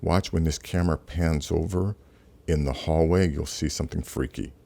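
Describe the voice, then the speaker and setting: A man's voice: a bass voice, fairly even intonation, normal speed, vocal fry, dark tone. A man hosting his own video channel, talking casually over clips in a rambling way, with many fillers and restarts. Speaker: channel host.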